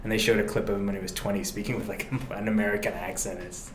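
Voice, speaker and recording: A man chatting casually as a guest, rambling eagerly about movies with quick laughs. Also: fairly low pitch, little pitch movement, a little hiss or hum. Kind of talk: casual chat. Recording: roomy echo.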